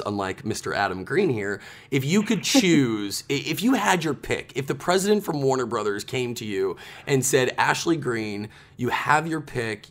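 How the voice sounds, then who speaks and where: A man's voice: medium pitch, a bit bright. Rambling male podcast co-host. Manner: rambling, restarts often. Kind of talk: casual chat.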